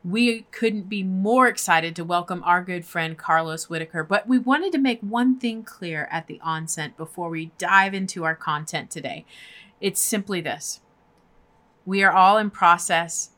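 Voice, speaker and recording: A woman's voice: lowish voice, measured pace, fairly bright tone. Bubbly woman podcast co-host. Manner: bubbly and effusive, laughs easily. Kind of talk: chatty podcast hosting.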